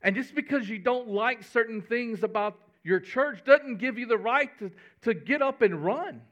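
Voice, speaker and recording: A man's voice: very high voice, normal speed, fairly bright tone, dull audio. A man, a pastor giving a folksy, conversational sermon with humor.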